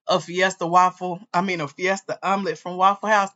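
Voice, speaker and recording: Excitable woman chatting on a livestream. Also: fairly low pitch, a little fast, few pauses, muffled recording. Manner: excitable, chatty, talks to viewers directly. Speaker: livestream host and grants coach. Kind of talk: casual livestream chat.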